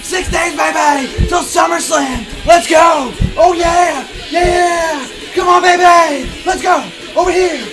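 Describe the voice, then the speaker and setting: A man putting on a hyped male wrestler, shouting drawn-out catchphrases as in a ring entrance. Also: very high-pitched, over music, voice pushed up.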